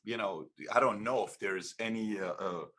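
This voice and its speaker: A man hosting a casual chat show, asking questions in a halting way full of fillers. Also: on the low side, fairly bright tone. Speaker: host.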